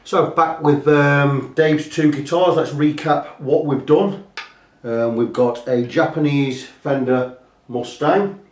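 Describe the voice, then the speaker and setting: A man's voice: on the high side, slow, a little mellow. A man, a guitar repair technician chatting step by step as he works on an instrument at his bench. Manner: chatty, explains step by step, talks while working. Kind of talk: hands-on repair walkthrough. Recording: echoey workshop room.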